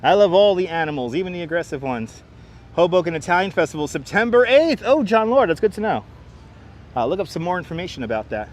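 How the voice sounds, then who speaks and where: A man's voice: sits high, big pitch swings, fast. Chatty man livestreaming outdoors. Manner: chatty, laughs often, greets viewers by name. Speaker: livestream host. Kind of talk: live walking tour, reading chat aloud. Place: outdoor waterfront park. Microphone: wireless lapel mic.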